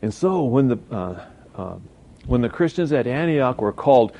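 A man's voice: medium pitch, very animated, normal speed, warm tone. A man teaching from the Bible in a folksy, informal way, with asides and mock voices. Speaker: preacher.

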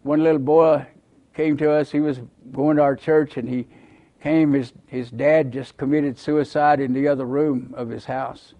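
A man's voice: a little high, steady tone, a little slow, mellow. A male pastor giving an earnest, folksy mission report to a church while showing slides.

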